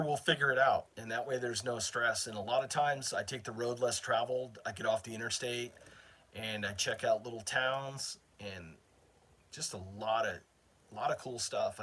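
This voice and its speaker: A middle-aged channel host from northern Maine, USA, tells his viewers a long, rambling story in casual conversation with a live chat. He's chatty and keeps interrupting himself. His mid-range voice is a bit bright, with slight background noise.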